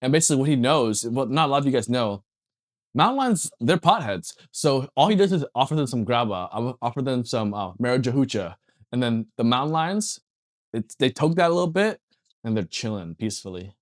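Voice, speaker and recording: A young man co-hosting a podcast, explaining an absurd story in a deadpan, mock-serious way. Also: mid-range voice, a little fast, no room sound, clean studio sound. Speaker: podcast co-host. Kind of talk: casual comedic chat.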